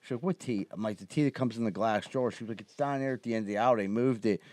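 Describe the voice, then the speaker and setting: A man's voice: on the low side, fast talker, a little mellow, dry recording. A man hosting a podcast, telling loose rambling anecdotes and laughing a lot. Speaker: podcast host. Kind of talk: casual chat.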